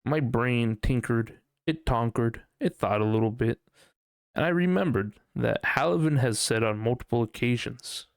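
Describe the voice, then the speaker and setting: A man hosts a casual solo podcast, thinking aloud in a rambling, profane way and often sounding unsure of himself. His voice is medium-pitched and creaky but clean, delivered at a normal pace in a dry, clean studio recording.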